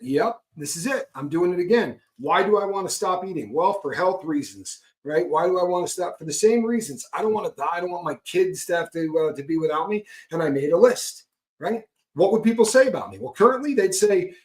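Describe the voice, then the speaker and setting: A man's voice: high voice, darkish tone. A middle-aged man talking frankly about recovery, emphatic and prone to tagging points with "right?". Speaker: guest speaker on recovery. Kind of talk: candid conversational talk.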